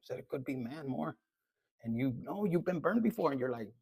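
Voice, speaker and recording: A man's voice: mid-range voice, lively intonation, fairly quick, gravelly, dark tone, breathy edge, dry recording. A man giving a casual tarot reading, talking bluntly and with lots of swearing. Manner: blunt, profane, chatty. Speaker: tarot reader.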